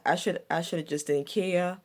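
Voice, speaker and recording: A woman's voice: on the low side, fairly even intonation, normal speed. A woman vlogger telling a personal story from her past in a reflective, repetitive way, with stumbling restarts. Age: adult looking back on her younger years.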